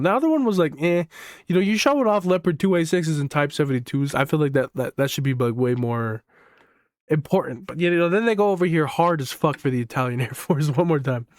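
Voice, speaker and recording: A young man reacting to videos in a casual, rambling way, his pitch swinging up and down as he gets hyped. He swears freely and fills his talk with "like." His voice sits a little higher than most men's and sounds dry and close to the mic. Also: brisk, no echo. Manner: excitable, swears, rambles with lots of "like". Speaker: gaming YouTuber.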